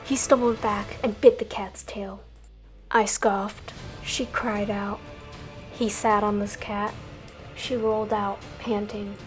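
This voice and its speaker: A woman narrating a dramatic animal battle story, with animated delivery that bursts out on the quoted lines. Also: mid-range voice, slow pace. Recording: music faintly behind.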